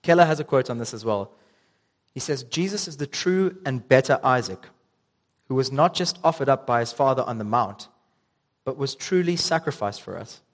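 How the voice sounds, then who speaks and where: A man's voice: mid-range voice, animated, moderate pace. A young man preaching a sermon, reading scripture and telling a casual story with ums and restarts. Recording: long reverb in a hall.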